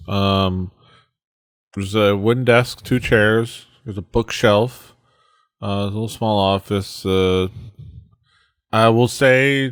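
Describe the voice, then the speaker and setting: A man running a tabletop game as game master, describing scenes in a halting way full of fillers and restarts. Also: fairly low pitch, a bit bright, clear, resonant tone, no room sound. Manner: hesitant, many fillers and restarts.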